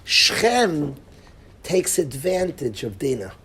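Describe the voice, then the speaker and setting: A man lecturing as a rabbi in a Torah class, telling the story with animated energy and sprinkling in Hebrew and Yiddish terms. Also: fairly high pitch, takes it slowly, a little hiss or hum. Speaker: rabbi, yeshiva head.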